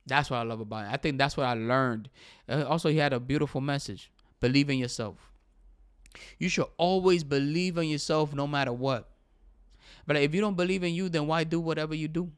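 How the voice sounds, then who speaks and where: Smooth-voiced excited man saying "bro". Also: mid-range voice. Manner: excited, switches between English and Spanish, says "bro" constantly. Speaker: podcast host. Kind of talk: casual opinion talk.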